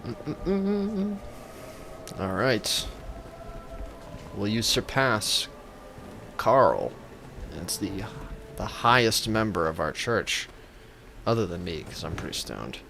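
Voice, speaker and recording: A man's voice: on the low side, very animated, slow, vocal fry, long pauses, background noise. A man giving comedic gameplay commentary as a gaming YouTuber, joking in a playful, mock-reverent way.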